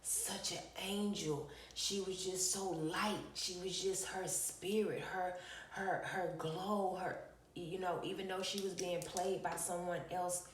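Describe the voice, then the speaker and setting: A woman's voice: fairly low pitch, fairly even intonation, slow pace, echoey room, recorded from a distance, a little hiss or hum. An adult woman, telling a personal spiritual story to viewers, emphatic, repeating phrases and calling them y'all.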